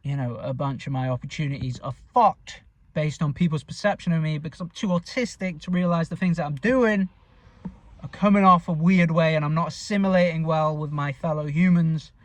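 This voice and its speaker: A northern English man rambles bluntly through a casual vlog monologue, swearing freely and mumbling his words. His voice sits a touch high for a man. The sound is dry and close, with almost no room echo. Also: a little fast. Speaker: vlogger. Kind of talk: casual self-talk vlog.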